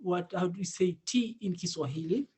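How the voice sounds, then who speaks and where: A man teaching a casual online Swahili lesson, repeating words slowly and laughing often. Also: high-pitched, a little mellow.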